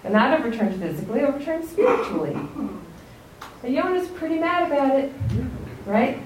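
A woman's voice: high-pitched, sing-song, moderate pace, slight background noise. An American woman teaching a religious text lesson to a group in a conversational way, often asking "right?". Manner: conversational, keeps checking in with "right?". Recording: roomy, distant mic, faint ambience.

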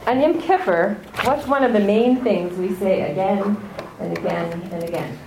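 An American woman leads a religious text lesson and keeps asking her class "right?". Her voice sits at a middle pitch and is picked up by a distant mic in an echoey room. A faint ambience hums underneath. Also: normal speed, vocal fry, background noise. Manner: conversational, keeps checking in with "right?". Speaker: religious teacher.

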